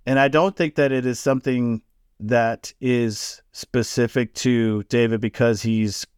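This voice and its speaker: A man with a smooth, clear voice at a middle pitch talks through ideas in a relaxed podcast conversation. He speaks thoughtfully, with many casual fillers. The recording is dry and close. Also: a little slow, no echo. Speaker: podcast co-host. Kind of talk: casual book discussion.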